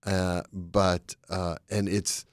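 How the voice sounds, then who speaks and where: An older man with a Boston accent tells rambling anecdotes with comic timing. His voice sits low, and it sounds dry and close, with no room sound. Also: level tone, extremely slow, no room sound. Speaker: guest comedian and author. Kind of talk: casual chat, storytelling.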